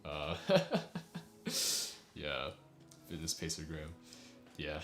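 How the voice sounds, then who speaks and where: A man's voice: low voice, wildly swooping pitch, unhurried, long pauses, a bit bright, reverberant, faint music behind. A young man chatting casually with his livestream viewers, rambling and laughing often. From United States. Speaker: streamer.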